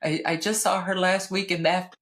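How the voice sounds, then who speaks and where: A woman in her thirties, co-hosting a podcast, relates a personal story in casual talk. Her voice is on the low side at a normal speed, and her delivery is blunt, profane, and punctuated by animated outbursts.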